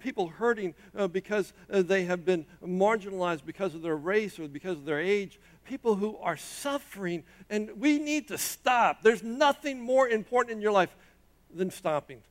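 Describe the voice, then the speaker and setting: A middle-aged man preaching a sermon, emphatic, swinging from loud rises to quiet drops. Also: moderate pace. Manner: emphatic preaching, rising and dropping in pitch and loudness. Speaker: pastor.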